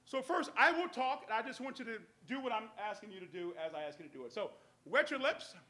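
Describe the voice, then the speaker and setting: A man's voice: very high-pitched, lively intonation, fast, pushed and bright, echoey room. A man performing as a stage magician, talking volunteers through a trick step by step with coaxing commands and jokes, at a live venue. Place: live cafe stage with audience.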